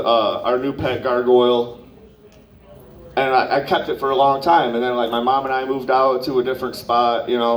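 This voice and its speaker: Rambling profane stand-up comic, roomy club. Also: male voice, medium pitch. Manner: rambling, profane storytelling with asides. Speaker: stand-up comedian. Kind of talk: stand-up set at an open mic. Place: comedy club open mic. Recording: roomy, distant live club recording.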